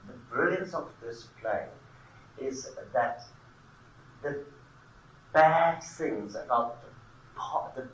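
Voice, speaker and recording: A man's voice: mid-range voice, fairly bright tone, slight background noise. A South African theatre man talking thoughtfully in an interview, often restarting his phrases. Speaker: theatre maker. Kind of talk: conversational interview. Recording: echoey room, mic at a distance.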